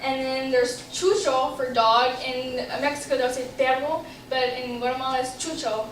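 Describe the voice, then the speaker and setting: A woman's voice: sits high, fairly even intonation, moderate pace, slight background noise. A young woman giving an informative class speech, chatty and explaining with examples. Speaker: student giving a class presentation. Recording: roomy classroom audio from a distant camera.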